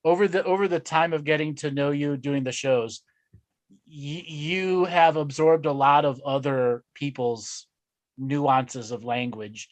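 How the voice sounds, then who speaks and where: Higher-voiced male host, dry close sound. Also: no room sound. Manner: agreeable, joking, slow and drawn-out at times. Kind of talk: casual chat. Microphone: video call.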